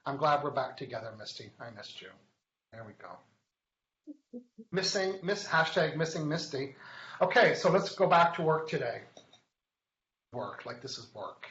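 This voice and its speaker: A playful man hosts a live web show, joking and reading out viewer comments between teaching points. His voice sits a bit high for a man. The sound is echoey and a little dull, like a lo-fi webcast. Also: fairly bright tone. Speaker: host of a weekly live online show. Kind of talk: casual live-stream chat and teaching.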